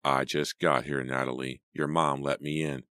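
A man reading an audiobook, voicing a moody teenage boyfriend who talks low, insistent and accusing. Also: little pitch movement, normal speed, fairly bright tone, smooth, no room sound, studio quality.

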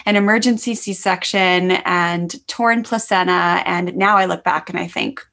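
A woman's voice: on the low side, fairly even intonation, unhurried, gravelly, fairly bright tone. A woman in her thirties hosting a casual talk, enthusiastic and effusive as she responds and shares her own story. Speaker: podcast host. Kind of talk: casual chat.

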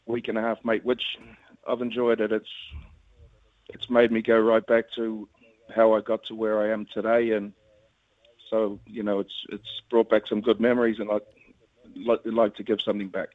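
A man's voice: lowish voice, little pitch movement, normal speed, pauses often, dry recording. A man from New Zealand with a Kiwi accent, a guest chatting and rambling happily on the radio by phone. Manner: chatty, rambling, laughs easily. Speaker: guest, rugby league club executive. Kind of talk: casual phone interview. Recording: tinny phone line.

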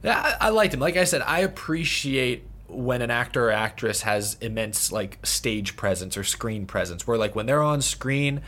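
A man's voice: medium pitch, expressive, moderate pace, hardly any pauses, fairly bright tone. A man with a mid-range voice, hosting a casual podcast. He chats in an easygoing way, leading the conversation on to new topics with questions. His talk is loose and unscripted. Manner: conversational, steers the discussion with questions. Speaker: podcast host. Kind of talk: casual movie review chat.

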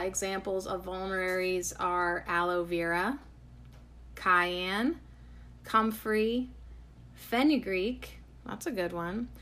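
A woman's voice: medium pitch, fairly bright tone. A woman hosting a casual herbal podcast lesson, talking in a playful, chatty and self-deprecating way.

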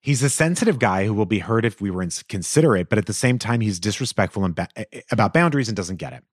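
A man hosting an advice podcast, reading a listener's letter aloud with animated, expressive delivery and the odd aside. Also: on the low side, fast talker, husky, no room sound, clean studio sound.

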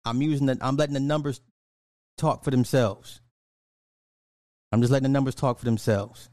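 A man's voice: mid-range voice, moderate pace, warm tone, no room sound. Guy going off on a rant, cussing, says stuff twice, dry close sound. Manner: blunt, profane, repeats lines for emphasis. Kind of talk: casual commentary rant.

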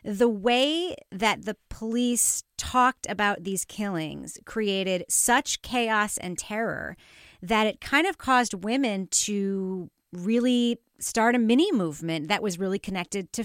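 A woman interviewer asking long, curious, measured questions. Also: medium pitch, animated, a bit bright, no echo, clean studio sound. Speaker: podcast interviewer.

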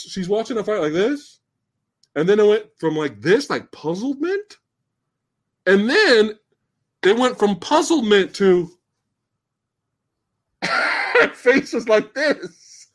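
A man hosting a live-stream movie discussion who rants in an excitable, incredulous, profane way. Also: high voice, slow, long pauses. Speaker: host.

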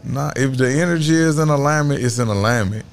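A man in his thirties speaks as an interview guest, with a middle-pitched voice. He talks in a blunt, self-assured way and preaches a little. A faint background noise sits under the recording. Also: brisk, creaky. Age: 30s. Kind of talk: casual interview talk.

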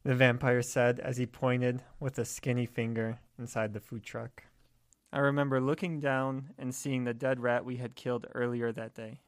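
A man narrating a scripted first-person horror story in a steady, measured way. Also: medium pitch, clear, resonant tone, no echo.

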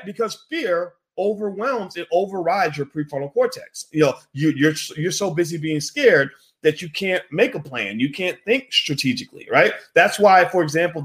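A man hosting a casual commentary monologue, animated and profane, with many restarts. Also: on the high side. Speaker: host.

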